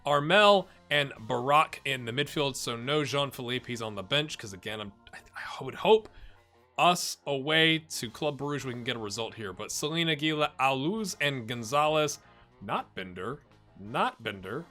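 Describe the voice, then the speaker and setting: A Scottish man hosting a casual let's-play from his home office, chatty and excitable, bursting into loud commentary when the match heats up. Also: mid-range voice, normal speed, faint music behind. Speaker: gaming channel host. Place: home office with a blue screen.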